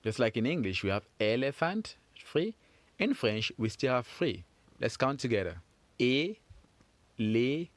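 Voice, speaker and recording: A man teaching a French phonics lesson for children, encouraging and repeating words slowly for learners. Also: mid-range voice, sing-song, no room sound.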